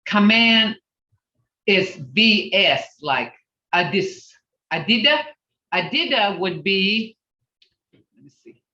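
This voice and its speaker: Slow, patient older language teacher. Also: medium pitch, expressive, pushed and bright, recorded from a distance. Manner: repeats and drills words, chatty asides. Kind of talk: teaching an online language class. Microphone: video call. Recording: roomy, dull video-call audio.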